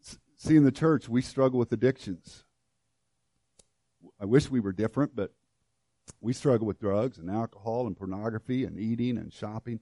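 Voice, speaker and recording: A man preaching a sermon and telling a story, often restarting his words and swinging between loud and hushed delivery. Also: mid-range voice, moderate pace, long pauses, no echo. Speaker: pastor.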